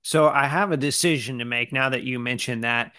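A male podcast host chats easily, his voice smooth and resonant. The sound is dry and close, with no room around it. He talks in a loose, conversational way. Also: mid-range voice, a little fast, dry recording. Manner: relaxed, conversational, with frequent fillers. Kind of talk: casual podcast chat.

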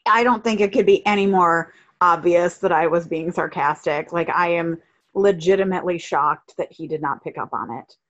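A woman's voice: fairly low pitch, moderate pace, fairly bright tone, muffled recording. A woman chatting casually, telling a story in an exasperated, sarcastic way. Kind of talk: casual chat.

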